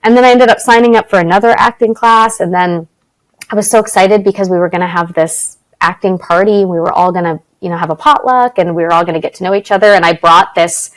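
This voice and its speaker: A woman's voice: fairly low pitch, fast, low-quality recording. A middle-aged woman from Canada, a guest on an interview podcast, telling personal stories with laughter and acted-out quotes. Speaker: podcast guest, actress and spiritual teacher. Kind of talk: casual interview storytelling.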